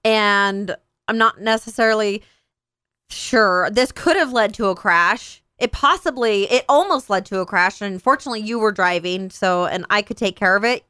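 A woman in her thirties tells a funny family story in casual chat, her medium-pitched voice clear and resonant at a normal speed. She is animated, acting out a child's and others' voices as she goes. The recording is dry, with clean studio sound.

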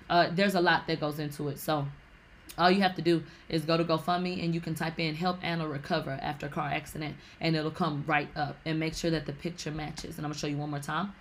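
A woman hosting a gossip show, talking in a casual, animated and profane way with sassy asides. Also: low-pitched, slight background noise.

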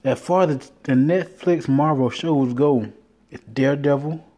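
A man with a warm, mellow voice talking in a loose, rambling monologue as a podcast host. He swears freely and slips into quick impressions of what people said to him. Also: fairly high pitch. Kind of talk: casual monologue.

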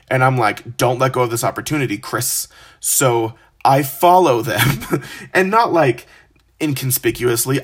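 A young man hosting a podcast, telling a personal story in a casual, animated, self-deprecating way. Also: mid-range voice. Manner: animated, self-deprecating, acts out quoted voices. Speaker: podcast host.

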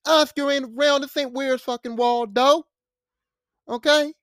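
A man's voice: very high-pitched, fairly even intonation, a little slow, fairly bright tone, no echo, clean studio sound. A man hosting a podcast, giving a casual, profane, emphatic movie rant. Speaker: podcast host. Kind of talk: casual ranting review.

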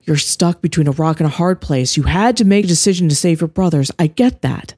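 A woman's voice: sits low, brisk, darkish tone, no room sound, clean studio sound. A woman voicing an earnest young man who reassures a friend urgently. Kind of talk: audiobook character voice.

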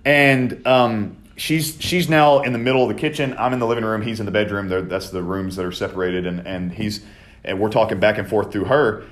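A man telling a profane, animated story in casual podcast chat, shouting out the quoted lines. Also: fairly low pitch, brisk. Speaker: podcast co-host.

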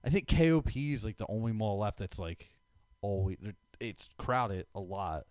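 A man in his thirties chatting casually as a podcast co-host, rambling with lots of filler words and getting animated when excited. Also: fairly low pitch, normal speed, dry recording, clean studio sound. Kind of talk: casual chat.

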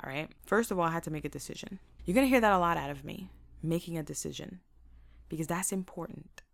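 A young woman casually telling her own stories in a lively, motivational way, laughing often and acting out what she said back then. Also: on the low side, creaky, dry recording, studio quality. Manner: faith-inflected, motivational.

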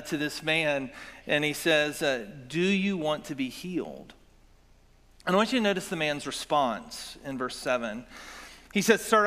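A man's voice: a little high, sharp tone, long reverb tail. A man preaching a sermon as pastor, in a conversational, earnest way with asides to his congregation.

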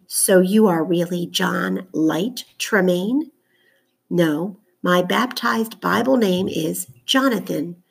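A woman voicing a tired young apprentice boy who talks slowly and dryly, reading a storybook. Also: fairly low pitch, vocal fry, breathy edge, exaggerated voice. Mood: earnest.

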